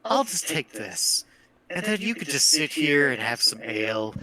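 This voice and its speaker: A man's voice: a little high, very animated, moderate pace, crowd noise, voice pushed up. A man voicing a burly, suspicious male bartender in a tabletop game, speaking in a menacing drawl.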